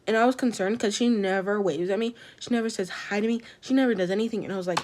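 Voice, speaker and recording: A teenage girl, a student, casually telling a story to the camera in an animated, dramatic way, with "I was like" all through it. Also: medium pitch, fast, few pauses.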